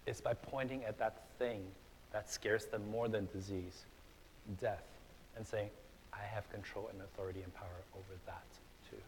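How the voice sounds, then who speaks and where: A young man preaching a sermon in a church, conversational and relaxed, with fillers and restarts, rising to loud, emphatic stretches. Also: lowish voice, a little hiss or hum, rough recording. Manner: casual, conversational preaching with fillers and repeated starts; builds to loud, emphatic passages. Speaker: pastor. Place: church hall.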